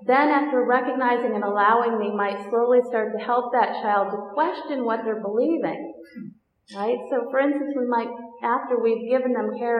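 Gentle woman meditation teacher in a hall. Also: fairly high pitch. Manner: gentle, unhurried, reflective. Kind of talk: dharma talk to a group. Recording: echoey hall, dull lo-fi sound.

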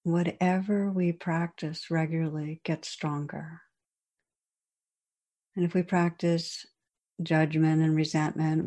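A woman with a low, mellow voice leads a dharma talk. She tells a teaching story gently and reflectively, with soft pauses between her phrases. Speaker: meditation teacher.

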